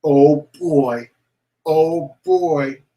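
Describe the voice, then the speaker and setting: A man reading aloud, voicing an excitable young boy who talks in breathless, loud whispers. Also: fairly high pitch, drawn-out words, lo-fi sound. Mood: eager whisper. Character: excitable young boy, eager and easily spooked.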